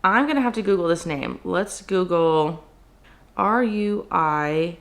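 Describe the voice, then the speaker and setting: A woman's voice: on the low side, takes it slowly. A young woman in casual, chatty conversation at home as a book vlogger, often using "like" and "um". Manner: chatty, peppered with "like" and "um". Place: at home indoors.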